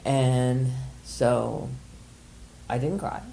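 An older woman leading a workshop group, speaking gently and hesitantly with many pauses as she explains an exercise and shares a personal story. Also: a bass voice, fairly even intonation, vocal fry, slight background noise. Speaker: workshop leader.

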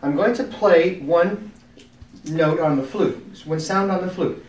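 A man's voice: fairly high pitch, measured pace, darkish tone. Genial man speaking from across a room. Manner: genial, self-deprecating humor. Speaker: musician giving a demonstration. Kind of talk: informal group talk with demonstration. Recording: roomy, from a distance.

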